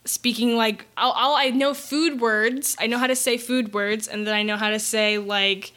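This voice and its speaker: A young woman with an American accent chats as a podcast co-host, rambling and poking fun at herself. Her voice sits a little high and sounds bright and forward. She leans on fillers and restarts. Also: fairly even intonation, moderate pace. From United States. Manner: rambling, self-deprecating, many fillers. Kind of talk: casual chat.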